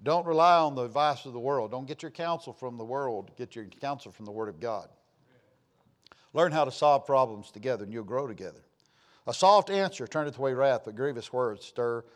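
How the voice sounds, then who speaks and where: A man's voice: medium pitch, expressive, normal speed. A man preaching a sermon, folksy and storytelling, rising and falling for emphasis.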